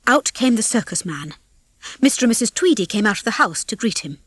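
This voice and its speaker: A woman's voice: fairly high pitch, lively intonation, brisk, husky, dry recording. Woman reading a children's story aloud. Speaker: audiobook reader. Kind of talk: scripted narration.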